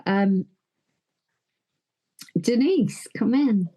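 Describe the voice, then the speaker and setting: A woman's voice: mid-range voice, animated, very slow, no room sound. Effusive woman hosting online meeting. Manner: effusive, warm praise, chatty with fillers. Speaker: meeting host.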